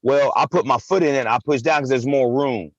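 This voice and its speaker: Hosting a live talk show, a man with a medium-pitched voice talks fairly quickly in a casual, animated way. He repeats words often and leans on "man" and "right." The recording has no echo and its high frequencies are cut off.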